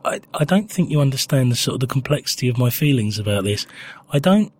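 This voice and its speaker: A man's voice: mid-range voice, animated, quick pace, dry recording. Man, podcast co-host, casual chat, dry, playful.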